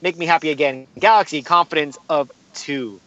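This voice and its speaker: A man hosting a casual sports podcast, animated and quick to laugh, stressing words by repeating them. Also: fairly high pitch, muffled recording. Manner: animated, laughing, repetitive emphasis. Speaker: podcast host.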